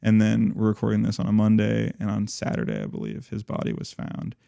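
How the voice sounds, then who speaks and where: A man's voice: on the low side, sing-song, brisk, creaky, mellow. A man co-hosting a podcast, talking casually and rambling, with many fillers and restarts. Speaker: podcast co-host.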